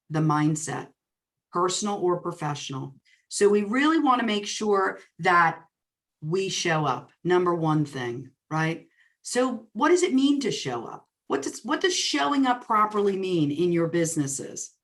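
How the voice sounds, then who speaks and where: A woman with a New Jersey accent, a real estate coach presenting a webinar in a fast, excited, upbeat way. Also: lowish voice. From New Jersey, US Northeast.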